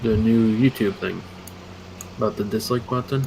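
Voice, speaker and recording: A man's voice: fairly low pitch, normal speed, creaky, background noise. A man chatting casually with friends on a gaming stream, asking plain questions. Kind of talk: casual chat.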